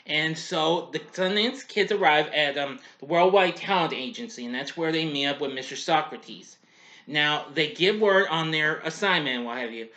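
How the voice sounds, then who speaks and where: Male host for a casual cartoon review: a bit high-pitched, tense, bright tone, chuckly, loose and meandering delivery. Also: normal speed. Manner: rambling, heavy on "well" and "anyway" asides.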